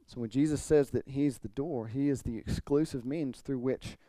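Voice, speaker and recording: A man's voice: mid-range voice, normal speed, dark tone, no room sound. A man pastor preaching an expository sermon, earnest, building to emphatic points. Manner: earnest preaching, rising emphasis, occasional throat clearing.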